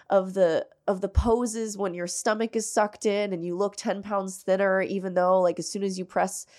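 A woman hosting her own faith podcast, speaking earnestly and through tears, often halting and restarting her sentences. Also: mid-range voice, level tone, a little mellow. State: tearful. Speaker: podcast host. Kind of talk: emotional faith podcast monologue.

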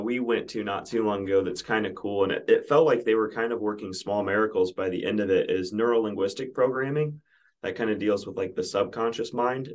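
Low-voiced man chatting on a podcast. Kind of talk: casual podcast conversation.

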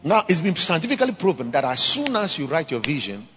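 Animated preacher with a ringing voice. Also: male voice, a little high, fast talker, big-room sound, soft background music. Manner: emphatic, swings between loud exhortation and quiet asides. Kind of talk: sermon. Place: church.

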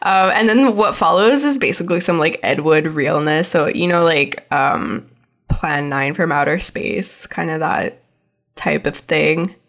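Young woman co-host, slightly low voice, loose chatty delivery full of fillers. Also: unhurried, a bit bright. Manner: chatty, many fillers, laughs often. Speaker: podcast co-host. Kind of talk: casual chat.

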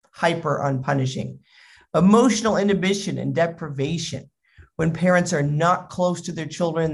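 Speaker on parenting, animated storyteller, humorous talk, acted-out anecdotes. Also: mid-range voice, creaky.

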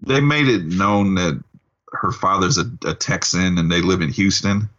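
Male podcast co-host, very deep, dry wit, lo-fi muffled audio. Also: normal speed, a bit bright. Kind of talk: casual movie discussion.

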